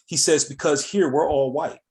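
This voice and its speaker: An American talk show host rambles through a story, full of fillers and restarts, retelling it with real animation. His voice is a little high and he talks at a moderate pace.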